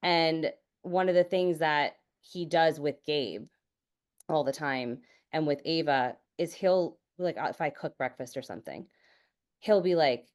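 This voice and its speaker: A woman with a low-pitched voice talks casually on a podcast. She tells family stories candidly and swears without hesitation. Her speech is loose and full of fillers like "like" and "you know". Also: a little slow. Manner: candid, swears freely, storytelling. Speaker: podcast guest. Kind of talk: casual chat.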